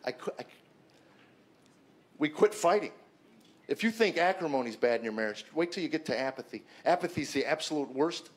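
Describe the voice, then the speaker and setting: A middle-aged man with a slightly high voice tells a personal testimony to an audience. He speaks earnestly and conversationally, stumbling into restarts and repeated words as he goes. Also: animated, fairly quick, pauses often, breathy edge. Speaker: comedian giving a personal testimony.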